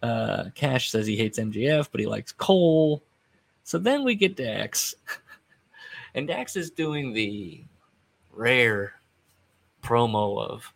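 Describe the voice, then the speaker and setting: A man's voice: mid-range voice, sing-song, slow, vocal fry, long pauses. A middle-aged man hosting a casual podcast recap, rambling with wry, offhand asides. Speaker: podcast host recapping wrestling.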